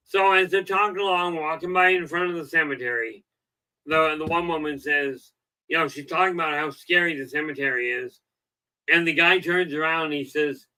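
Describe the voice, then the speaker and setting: A man's voice: fairly high pitch, moderate pace, sharp tone, poor audio. A middle-aged man hosting a self-help livestream, rambling in a folksy way with lots of "okay" and "you know," and telling jokes. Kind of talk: casual livestream talk.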